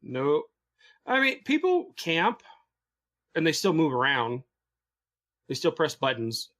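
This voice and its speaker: A man with a slightly high voice walks his co-hosts through a news item on a gaming podcast. He is relaxed and patient, restating the points plainly. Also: slow pace. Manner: explains patiently, relaxed and matter-of-fact. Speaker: podcast co-host covering the news. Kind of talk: casual podcast chat.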